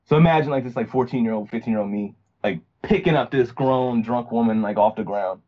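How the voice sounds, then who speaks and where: A man's voice: medium pitch, fairly quick. Rambling young man, dull lo-fi sound. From Virginia, USA. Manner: rambling, many fillers and restarts. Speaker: podcast guest. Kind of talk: personal story, casual talk.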